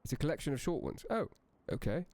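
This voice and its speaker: A man's voice: a little high, very animated, fast, darkish tone. A man hosting a horror story stream in character as a tome keeper, chatting with viewers in theatrical, old-fashioned genteel phrasing.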